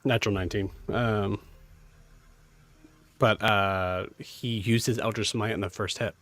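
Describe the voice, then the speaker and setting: A young man running a tabletop game as game master, narrating with many halting fillers. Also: lowish voice, fairly even intonation, fairly bright tone, no echo.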